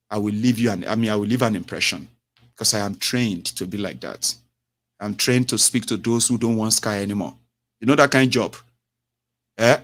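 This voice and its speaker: Man hosting a call-in show. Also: on the low side. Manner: expansive, repeats himself, tags lines with "eh?" and "you know". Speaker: radio call-in host. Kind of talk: radio call-in talk. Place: home radio studio.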